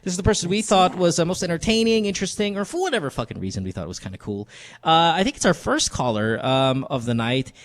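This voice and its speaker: A man hosting a late-night call-in show, chatting loosely and crudely with plenty of fillers. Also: fast talker. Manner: loose and crude, many fillers, lively swings in pitch. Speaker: podcast host. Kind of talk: casual radio call-in banter.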